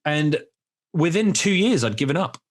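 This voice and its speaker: A man's voice: on the high side, lively intonation, moderate pace. A man in his forties hosting a podcast, telling candid, rambling stories in casual chat with some swearing. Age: 40s. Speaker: podcast host.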